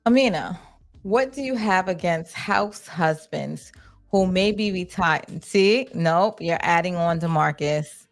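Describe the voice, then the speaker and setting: Reading viewer comments during a live chat, a young adult woman hosts with a lowish voice at a slow pace. She's candid and blunt and swears casually, with soft music playing in the background.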